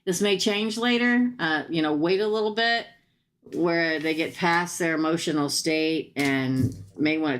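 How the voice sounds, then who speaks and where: A woman with a notably low voice reads tarot live for her viewers. She talks casually and bluntly, tossing in slangy asides. A faint hiss sits under her voice. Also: fairly bright tone. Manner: chatty, talks straight to viewers and comments. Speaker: tarot reader. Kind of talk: live-stream tarot reading.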